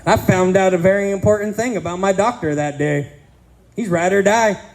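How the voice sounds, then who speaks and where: Brief: male stand-up comic, thirties, fairly high voice, crude self-mocking set, punchy timing. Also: moderate pace, gravelly, darkish tone, rough recording. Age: 30s. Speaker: stand-up comedian. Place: casino comedy stage.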